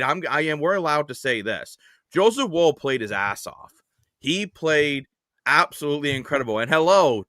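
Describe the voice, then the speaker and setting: A man's voice: a little high, expressive, normal speed, fairly bright tone, no echo, clean studio sound. A man hosting a casual post-game sports panel, blunt and opinionated with a joking streak. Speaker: host.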